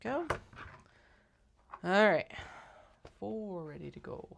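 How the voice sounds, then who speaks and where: A woman's voice: medium pitch, expressive, takes it slowly, gravelly, background noise. A woman giving casual running commentary while cutting fabric on a craft live stream, chatty and wry, swearing and laughing at herself.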